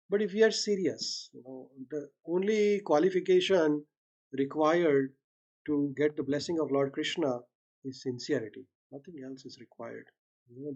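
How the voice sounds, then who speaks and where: A man with an Indian accent giving a devotional talk, unhurried, often checking in with the listeners with a questioning "right?". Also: a little high, dark tone, highs cut off. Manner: speaks unhurriedly, often ends points with a questioning "right?", mixes in Hindi. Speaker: satsang speaker.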